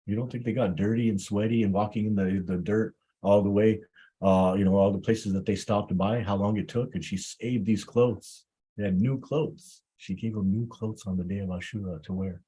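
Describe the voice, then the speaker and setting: A man preaching a Muharram sermon, halting often and repeating words as he builds his story. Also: fairly low pitch, warm tone, breathy edge.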